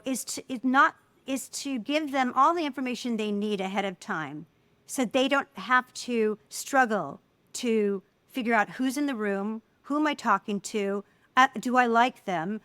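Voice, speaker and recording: A middle-aged woman speaking as an interview guest, telling personal stories in an animated way and acting out the voices of people she quotes. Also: a little high, dry recording. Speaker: guest, filmmaker. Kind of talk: casual interview conversation.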